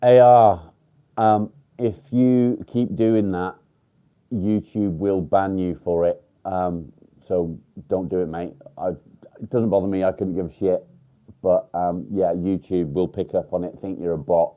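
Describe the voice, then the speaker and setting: Low-voiced sweary English man chatting live. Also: little pitch movement, unhurried, warm tone. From England. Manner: blunt, sweary, with many ums. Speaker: livestream host. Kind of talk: casual live chat with viewers. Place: outdoors by a field.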